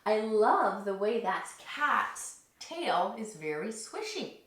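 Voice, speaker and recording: A woman's voice: mid-range voice, very animated, slow pace, fairly bright tone. A woman voicing an awestruck jungle crocodile who gushes with wide-eyed amazement, in a storybook yoga lesson. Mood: amazed. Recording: echoey room, distant mic.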